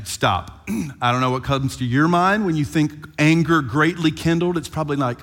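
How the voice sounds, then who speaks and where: A male pastor delivers a sermon in a casual, animated storytelling manner, talking straight to his listeners. His voice sits a touch high for a man. It carries a long reverb, as if from a church sanctuary. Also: moderate pace.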